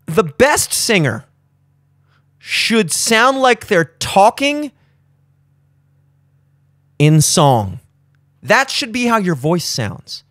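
A man's voice: very slow, long pauses, no room sound, studio quality. A man in his thirties, hosting a podcast in casual chat, with profane, opinionated rambling. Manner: profane, opinionated rambling with animated jumps in pitch. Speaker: podcast host. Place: studio.

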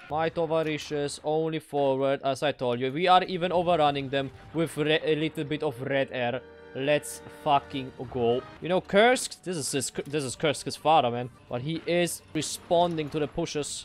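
A young man commenting on his strategy game as he plays, excitable and swearing, swinging from low mutters to sudden shouts. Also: normal speed, soft background music. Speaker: gaming streamer.

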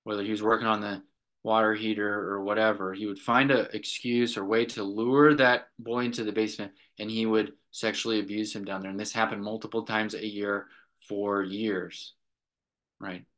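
A man's voice: lowish voice, little pitch movement, moderate pace, fairly bright tone. A middle-aged man, a clinical director, earnestly recounting a therapy session to a group and often checking in with "right?".

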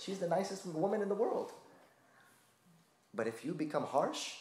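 A man's voice: fairly high pitch, expressive, brisk, darkish tone, roomy sound. A man preaching a sermon, telling a personal story with passion. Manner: impassioned storytelling.

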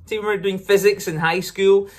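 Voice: medium pitch, fairly even intonation, fairly quick. An ukulele teacher explaining licks in a casual, upbeat way, often correcting themselves mid-sentence. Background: ukulele playing between phrases.

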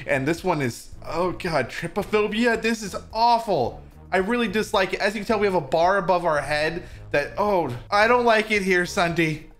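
A young man hosting a gaming video with friends, bursting into mock-panicked shrieks and then dropping to a low, gleeful mutter. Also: lively intonation, normal speed, a bit bright. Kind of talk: playing a game with friends, comic commentary.

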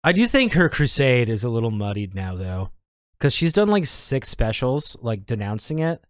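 A man's voice: mid-range voice, big pitch swings, moderate pace, dry recording, studio quality. A man co-hosting a podcast in casual chat, laid-back and rambling, with lots of likes and swearing. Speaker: podcast co-host.

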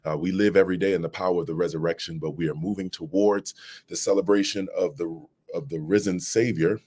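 Deep-voiced pastor in his late thirties. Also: fairly even intonation, a little fast, husky. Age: late 30s. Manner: warm preacher's cadence, calls to the audience. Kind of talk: livestreamed devotional talk. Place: office. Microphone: mobile phone.

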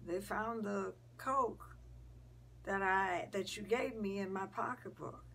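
A woman's voice: medium pitch, takes it slowly, fairly bright tone, a little hiss or hum. A woman voicing a cautious young woman, talking in an earnest, slightly defensive way.

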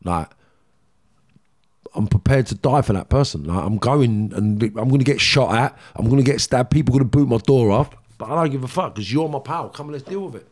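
A man's voice: mid-range voice, animated, fairly quick, darkish tone. A middle-aged man with a London accent, a former gangster speaking as an interview guest, blunt, emotional and swearing freely as he tells his story.

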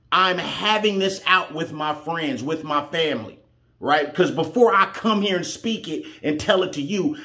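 A man's voice: a little high, sharp tone. Blunt, heated man ranting. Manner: blunt, heated, profane, preachy. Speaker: reaction show host. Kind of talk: reaction commentary.

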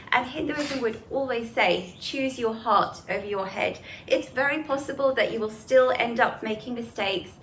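A woman's voice: fairly high pitch, fairly bright tone, a little hiss or hum. A woman giving a talk on Hinduism to students, explaining ideas in a conversational way and telling stories with casual asides. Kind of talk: spoken moral lesson with storytelling.

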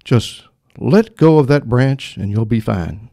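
A preacher acting out God as a calm, commanding voice from above, speaking slowly and deliberately. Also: male voice, gravelly, dry recording, studio quality, heavily acted. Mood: solemn. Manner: slow, deliberate and booming.

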